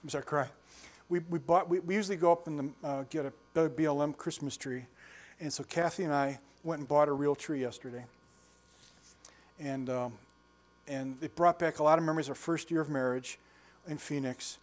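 An older male pastor in his sixties with a slightly high voice, preaching in a relaxed, storytelling way. He chuckles often and checks in with his congregation with direct questions. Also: normal speed. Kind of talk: conversational sermon.

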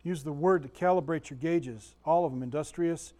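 A Sunday school teacher gives a casual, folksy Bible lesson, chatting, telling stories, and often putting questions to the room. His voice is fairly high with a darkish tone, moving at normal speed.

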